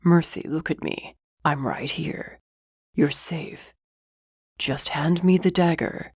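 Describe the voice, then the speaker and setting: A protective, loving husband speaking softly and soothingly, sometimes close to a whisper, as a woman narrator puts him on. The sound is dry and close. His voice sits rather low. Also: slow, husky, dry recording, full character voice. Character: protective, tender husband, a grown man.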